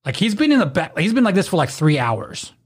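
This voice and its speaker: A man's voice: high-pitched, a little fast, slightly rough. A man telling rowdy, profane stories in casual chat, acting out the people he quotes. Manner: rowdy, profane, animated storytelling with acted-out quotes. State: drunk.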